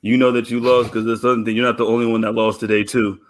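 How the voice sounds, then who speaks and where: A man's voice: mid-range voice, flat delivery, fast. A man co-hosting a podcast in casual chat, boastful and trash-talking. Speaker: podcast co-host.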